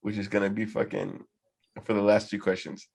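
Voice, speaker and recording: A man's voice: lowish voice, completely flat delivery, brisk, a little mellow. A man hosting a casual podcast trivia night, rambling and swearing freely as he talks. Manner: rambling, heavy swearing, loose and profane. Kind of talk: casual group chat.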